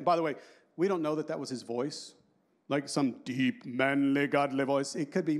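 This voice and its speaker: A man in his fifties giving a lively, joking conference talk and quizzing the audience. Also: mid-range voice, moderate pace. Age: 50s. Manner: animated and joking, asks the audience questions. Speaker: conference speaker.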